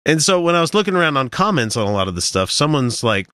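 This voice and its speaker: A man's voice: fairly high pitch, very animated, fast, bright, forceful tone, smooth, dry recording, studio quality. A man hosting a podcast, chatting casually and sarcastically, swearing freely as he reads out a text he mocks. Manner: profane, sarcastic, reads a text aloud mockingly. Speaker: podcast host.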